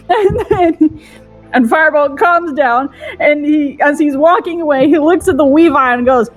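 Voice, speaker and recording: A woman playing a tabletop game, retelling events in a giggly, animated way. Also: high-pitched, normal speed, poor audio. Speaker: player.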